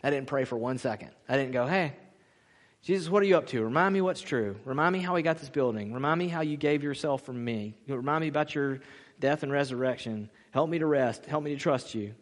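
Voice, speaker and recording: A man preaching a sermon as pastor, animated, acting out the people he quotes and laughing often. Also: medium pitch, a little fast, big-room sound. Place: church sanctuary.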